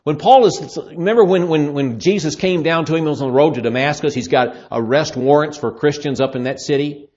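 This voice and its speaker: Male preacher, fairly high voice, animated sermon delivery, muffled lo-fi recording. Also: fairly quick, few pauses. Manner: lively, acts out voices in Bible scenes.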